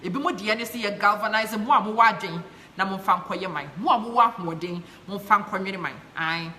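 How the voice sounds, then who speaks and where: A woman's voice: medium pitch, fairly quick, bright, forceful tone. A woman from Ghana with a Ghanaian accent, passionately hosting a live stream, chatting and reading out viewer comments while mixing English and Twi. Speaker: live show host.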